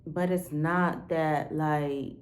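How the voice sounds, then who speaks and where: A woman's voice: deep voice, fairly even intonation, extremely slow. A woman talking to the camera in a candid, rambling diary-style monologue, full of "like" fillers and casual swearing. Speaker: vlogger.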